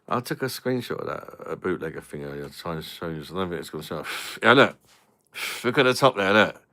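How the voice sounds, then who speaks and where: A man's voice: sits low, animated, fast talker, bright, forceful tone. A man chatting crudely with viewers on a beer review livestream, swearing and laughing often. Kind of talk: casual livestream chat.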